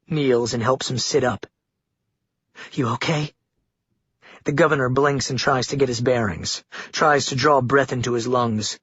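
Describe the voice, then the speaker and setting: Male audiobook narrator, husky and measured, dull dry lo-fi take. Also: mid-range voice, fairly bright tone, no echo. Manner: measured, dramatic reading.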